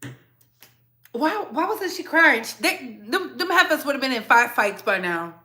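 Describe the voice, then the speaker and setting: A show host with a Southern US accent talks to her viewers in a loose, slangy, strongly opinionated way. Her voice is bright and sits a bit high for a woman. She keeps an animated, chatty commentary going. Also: moderate pace. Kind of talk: casual commentary chat.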